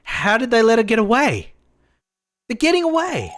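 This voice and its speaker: A man's voice: very high-pitched, wildly swooping pitch, normal speed, fairly bright tone, a little hiss or hum. A man streaming a video game live, chatting and laughing while reading character lines aloud. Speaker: VTuber streamer. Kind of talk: live gameplay commentary with dialogue read-aloud.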